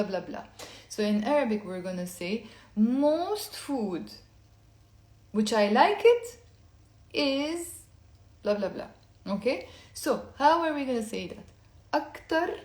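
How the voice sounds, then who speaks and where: A woman giving a casual online language lesson, talking low-key and quiet late at night, explaining step by step and having listeners repeat words aloud. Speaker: Lebanese Arabic teacher. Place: indoor room at night. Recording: echoey room.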